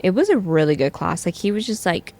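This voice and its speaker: A woman's voice: on the low side, sing-song, a little fast, a little mellow. A young woman co-hosting a student podcast, chatting in an upbeat way with lots of "like". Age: young adult. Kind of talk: casual chat.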